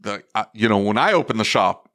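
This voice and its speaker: A man co-hosting a podcast, telling an excitable story in casual chat and acting out quotes. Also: fairly low pitch, a little fast. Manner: excitable storyteller, animated quoting. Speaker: podcast co-host.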